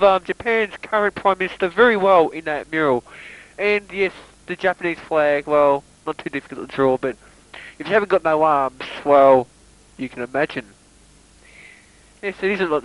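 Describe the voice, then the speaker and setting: A man improvising comedic sports commentary over a video game, rambling with stammered restarts and deadpan absurd asides. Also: a little high, no room sound, rough recording.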